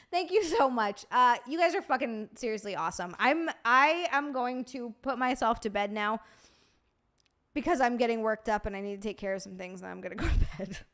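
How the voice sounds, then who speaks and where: A woman's voice: fairly high pitch, a bit bright. A woman hosting a casual livestream, reading chat aloud, swearing and laughing often. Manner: profane, laughing, reacting to chat.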